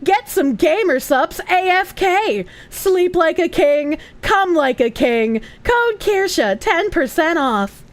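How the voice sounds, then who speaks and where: Woman putting on a booming bro ad announcer. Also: lively intonation, exaggerated voice. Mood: hyped. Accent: Boston. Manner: drawn-out, booming ad delivery. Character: overhyped bro sponsor announcer. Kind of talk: mock sponsor read.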